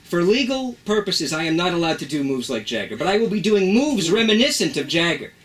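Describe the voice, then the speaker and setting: A man's voice: high-pitched, big pitch swings, a little fast. A man co-hosting a radio show in a studio, bantering playfully and theatrically. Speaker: radio co-host.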